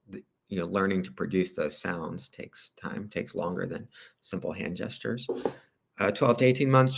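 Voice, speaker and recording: A man's voice: on the low side, gravelly. A man giving a casual recorded lecture on child development, with frequent fillers and asides. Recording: dull lo-fi recording.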